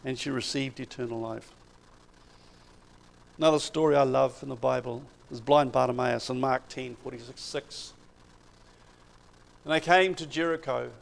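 A man preaching a sermon, retelling Bible stories with animated emphasis and swings in loudness. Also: mid-range voice, measured pace, vocal fry, long pauses, poor audio.

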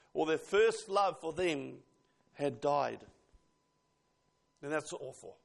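Earnest older male preacher, gravelly. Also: sits high. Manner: earnest, pausing, with rising and falling emphasis. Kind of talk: sermon. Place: church.

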